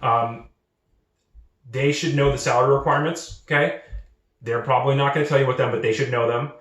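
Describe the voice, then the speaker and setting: A man's voice: mid-range voice, fairly quick, roomy sound. A young man giving casual advice to junior developers, earnest, often repeating and restarting his words. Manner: acts out quoted recruiters in lively voices. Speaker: channel host.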